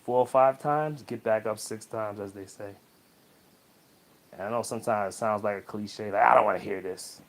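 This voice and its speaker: A man talking straight to the viewer in a casual motivational monologue, preachy and repetitive, often checking in with a quick "okay?". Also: fairly low pitch, steady tone. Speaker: motivational vlogger.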